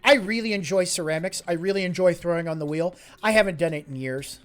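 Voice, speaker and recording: A man hosting a live stream in casual chat, rambling and joking, swinging between quiet mutters and loud bursts, with faint music behind. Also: sits high, fast, few pauses. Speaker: streamer host.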